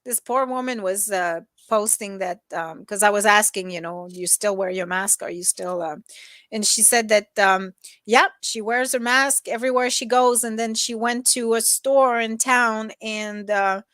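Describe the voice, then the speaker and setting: A woman's voice: fairly high pitch, unhurried, fairly bright tone, dry recording. A woman co-hosts a casual morning chat, talking in a loose, rambling way. She restarts often and fills gaps with little fillers. The sound is close and dry. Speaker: co-host.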